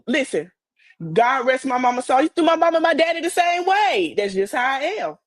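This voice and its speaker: A woman's voice: high-pitched, dry recording. Brief: young adult woman, podcast host, blunt and preachy, close and dry sound. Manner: blunt, preachy advice to listeners. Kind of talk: casual chat.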